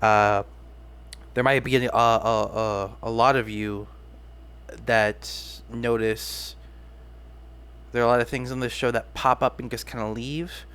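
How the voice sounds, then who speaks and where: A man's voice: medium pitch, fairly even intonation, slow pace, pauses often, a bit bright, smooth. A young man hosting his own podcast, rambling casually and self-deprecatingly, often restarting his sentences. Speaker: podcast host. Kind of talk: casual solo podcast talk.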